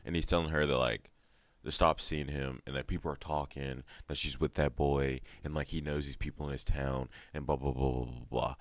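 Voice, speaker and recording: Very deep-voiced man recapping a show. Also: steady tone, brisk, no room sound. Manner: casual, profane, laughs often. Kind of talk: casual episode recap.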